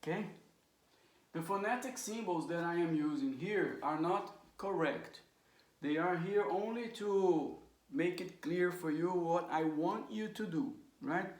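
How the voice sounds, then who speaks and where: A woman whose first language is Portuguese teaches an English pronunciation lesson, speaking slowly in a fairly low, slightly mellow voice. She drills words aloud and keeps checking in with "right?" and "okay?" The room echoes, and she's recorded from a distance.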